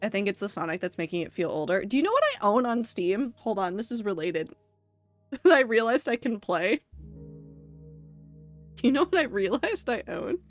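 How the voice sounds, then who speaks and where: Woman game streamer, casual and chatty, mid-pitched, faint music underneath. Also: huge pitch swings, quick pace, few pauses. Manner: chatty, giggly, reads chat aloud. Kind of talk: casual gaming stream chat.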